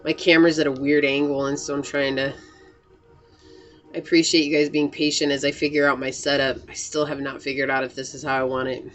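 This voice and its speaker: A woman's voice: extremely low pitch, level tone, a little fast, soft background music. A woman reading tarot cards to camera in a casual, earnest way, full of "like" fillers. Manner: chatty and earnest, many "like" fillers. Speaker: tarot reader.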